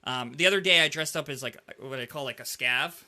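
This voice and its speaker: A man hosting a casual gaming podcast, telling animated stories and filling his talk with "like". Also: medium pitch, a little fast. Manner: animated storyteller, heavy use of "like". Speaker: podcast host.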